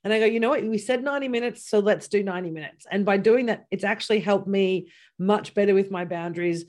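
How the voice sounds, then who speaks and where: A woman coach in a casual chat, animated, acting out quoted dialogue and laughing often. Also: medium pitch, fast. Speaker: business coach.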